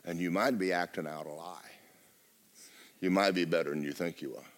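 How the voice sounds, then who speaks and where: A middle-aged male pastor, preaching loudly and with life, often dropping to a hush. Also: sits low, moderate pace. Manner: loud, lively preaching with sudden drops to a hush. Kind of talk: sermon. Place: church.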